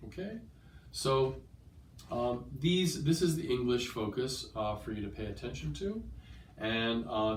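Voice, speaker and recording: A man's voice: medium pitch, slight background noise. A man with a cold explains listening strategies as a test-prep teacher, patient and checking understanding with "okay?". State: has a cold. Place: language school. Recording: roomy, from a distance.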